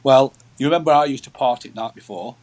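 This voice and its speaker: A man's voice: medium pitch, fast talker, a little mellow. A man, telling rambling stories as a guest in a casual chat, often repeating words. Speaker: guest angler.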